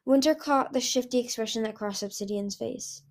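A woman's voice: a little high, moderate pace. A woman reading a fantasy novel aloud, hesitant, with frequent restarts. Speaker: audiobook reader.

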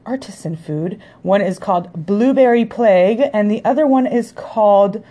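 A woman's voice: medium pitch, normal speed, dark tone. A woman co-hosting a podcast, chatting in an upbeat way and teasing her co-host. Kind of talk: casual chat.

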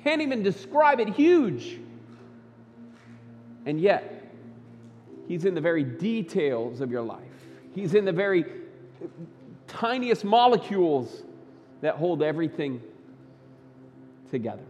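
A man preaching a Sunday sermon as pastor, emphatic, swinging between loud bursts and quiet low lines. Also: sing-song, a little slow, pauses often, long reverb tail, dull audio, slight background noise. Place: church sanctuary.

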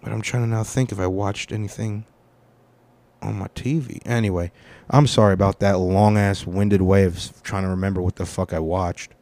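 A man's voice: low voice, steady tone, normal speed, a little mellow, dry recording. A young man hosting his own podcast, telling about his week in a meandering, profane and self-deprecating way. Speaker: podcast host. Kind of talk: rambling casual monologue.

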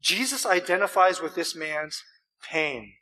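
Male pastor, sermon delivery, high bright voice, emphatic with deliberate pauses. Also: poor audio. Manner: animated, emphatic preaching with rhetorical questions; deliberate pauses and repeated words.

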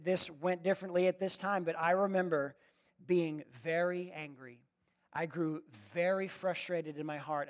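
High-voiced animated male preacher. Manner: animated, swings from loud exclamations to quiet asides; addresses the audience directly with questions. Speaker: speaker. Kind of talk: storytelling sermon.

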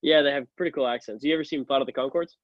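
A man co-hosting a podcast, chatting in a relaxed way with dry humor. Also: mid-range voice, very fast, no room sound, dull audio. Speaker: podcast co-host. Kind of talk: casual chat.

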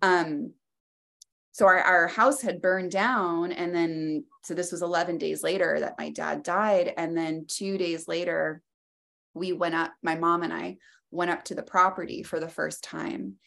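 Low, gravelly-voiced woman telling a story. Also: steady tone, a little slow, a bit bright. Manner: reflective, loose phrasing with many fillers. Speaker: interview guest. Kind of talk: personal storytelling in conversation.

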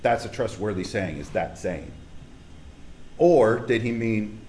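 A man's voice: fairly low pitch, slow pace, long pauses, a little mellow, a little hiss or hum. A man preaching a casual, conversational sermon as a pastor, speaking emphatically and straight to his congregation in a church hall.

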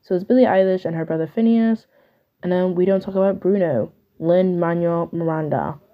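Over a muffled recording, a podcast host with a lowish voice speaks at normal speed. She's a young woman chatting on her own in a casual, opinionated way, filling her sentences with "like."

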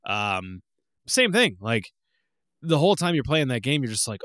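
Animated man ranting casually. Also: mid-range voice, moderate pace, pauses often, no room sound, clean studio sound. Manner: animated, ranting, acts out game moments. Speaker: podcast co-host. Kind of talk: casual chat.

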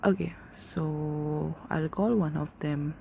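A woman's voice: deep voice, fairly even intonation, slow, vocal fry, warm tone, a little hiss or hum. A young woman in her twenties hosting a casual solo podcast, rambling and swearing freely as she corrects herself. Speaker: podcast host.

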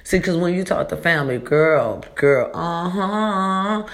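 A woman's voice: low voice, moderate pace. Chatty preachy woman vlogger. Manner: chatty and preachy, calls listeners baby and y'all. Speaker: vlogger giving life advice. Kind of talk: casual motivational monologue. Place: echoey borrowed room.

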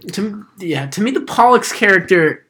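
A young man hosting a casual chat about movies, animated and quick to laugh. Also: sits high, husky. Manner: animated, laughing, quoting movie lines in funny voices. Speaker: podcast host.

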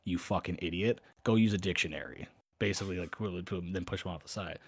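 A man's voice: low voice, fast, husky, dry recording. A man co-hosting a podcast in casual, profane chat, blunt and rambling, swearing constantly. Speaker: podcast co-host.

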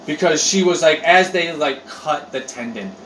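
A high-pitched man talks with a lively, swooping delivery, full of swearing and rambling asides. He is a bit far from the mic in a roomy space. A faint background noise sits under his voice. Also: normal speed. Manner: animated, profane, rambling storyteller. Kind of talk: casual chat.

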